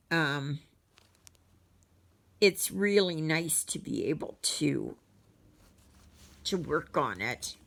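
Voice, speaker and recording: A woman's voice: low voice, vocal fry, a bit bright. A Canadian woman chatting casually to her viewers as a cross-stitch vlogger, rambling and storytelling with many fillers.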